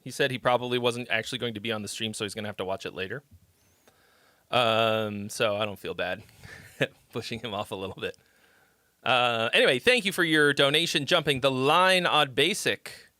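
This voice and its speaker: Guy hosting a song feedback stream, kinda sweary and offhand, punchy bright voice, dead dry sound. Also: mid-range voice, moderate pace, no room sound. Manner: loose, swearing, reacting on the fly. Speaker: livestream host critiquing fan songs. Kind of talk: casual live-stream chat.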